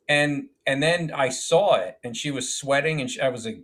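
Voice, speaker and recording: A man's voice: mid-range voice, brisk, hardly any pauses, a bit bright. A man, a filmmaker guest on a podcast, telling stories animatedly, acting out quotes and swearing casually. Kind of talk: podcast storytelling.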